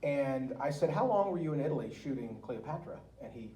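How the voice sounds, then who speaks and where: A man giving a talk as a guest speaker, telling anecdotes in a lively way with laughs and acted-out quotes, recorded in a museum room. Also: medium pitch, brisk. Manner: lively, laughing storyteller who acts out quotes. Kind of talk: anecdotal storytelling to an audience. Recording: roomy, distant, faint background noise.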